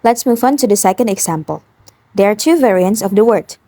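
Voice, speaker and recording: A young woman from Indonesia, a university student, narrating a prepared phonetics explanation in a careful, even reading voice. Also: mid-range voice, a little fast, no echo. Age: young adult. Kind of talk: scripted narration.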